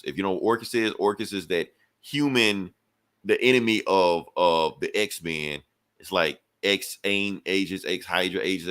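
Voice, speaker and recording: A man with a low-pitched, fairly bright voice hosts a podcast, casually recapping a comic book in a rambling, slangy way.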